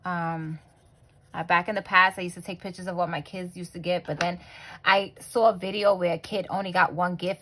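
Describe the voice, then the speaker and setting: A young adult woman, a mother who hosts a budgeting channel, talks casually in her vlog, using lots of fillers and restarts while quietly counting money under her breath. Her voice is on the low side and steady, at a normal speed, and the audio quality is poor.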